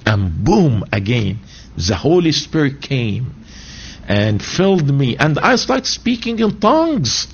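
A man's voice: medium pitch, slow, husky, dull audio. Egyptian-born man preaching his testimony. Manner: animated storytelling, broken grammar, voices quotes. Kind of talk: sermon testimony.

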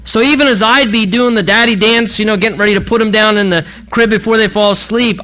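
High bright-voiced male preacher. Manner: earnest preaching, quoting scripture with dramatic pauses. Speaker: pastor. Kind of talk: sermon.

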